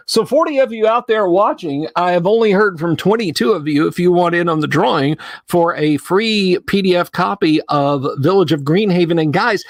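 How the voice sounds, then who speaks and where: A man's voice: sits high, moderate pace, no echo, clean studio sound. A man hosting a casual livestream, chatty, reading viewer names aloud and laughing easily. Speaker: livestream host.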